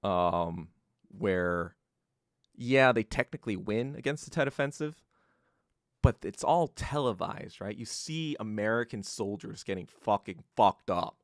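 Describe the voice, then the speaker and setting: A man's voice: lowish voice, animated, unhurried, dry recording, studio quality. A man hosting a podcast, telling history in a loose, casual monologue full of swearing and acted-out quotes. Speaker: podcast host.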